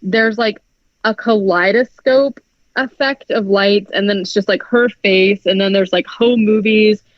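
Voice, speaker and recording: A woman's voice: mid-range voice, steady tone, unhurried, dry recording. A woman co-hosting a podcast who recaps a movie in casual chat, talking with heavy "like" filler and frequent swearing. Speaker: podcast co-host. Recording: dry, dull lo-fi podcast audio.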